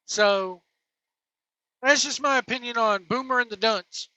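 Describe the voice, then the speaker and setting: Blunt scornful wrestling ranter, bright-toned. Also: medium pitch, unhurried, no echo, highs cut off. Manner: blunt, scornful, name-calling. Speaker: wrestling commentary host. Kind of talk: opinionated rant.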